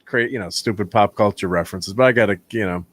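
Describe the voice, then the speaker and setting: A man's voice: fairly low pitch, quick pace, a bit bright, dry recording. Rambling man hosting a dry-sounding chat. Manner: rambling, laughs often, many fillers and restarts. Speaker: channel host. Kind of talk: casual movie review chat.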